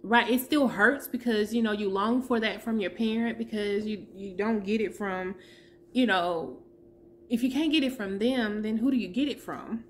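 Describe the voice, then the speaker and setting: A woman in her thirties giving a heartfelt personal testimony as a vlogger, pausing to search for her words. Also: mid-range voice, slight background noise.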